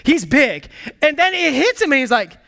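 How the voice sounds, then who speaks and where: Guy preaching, high bright voice, super animated, gets loud then goes quiet. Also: normal speed, creaky. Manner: energetic, emphatic preaching with call-and-response; swings from excited bursts to hushed low asides. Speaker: pastor. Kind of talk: sermon.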